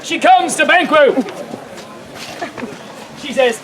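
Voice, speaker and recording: A woman's voice: sits high, animated, moderate pace. A woman performer telling a comic story to a live audience and directing volunteers, playful and laughing often. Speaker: street theater performer leading audience volunteers. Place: outdoor fair stage. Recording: loud crowd and outdoor fair noise.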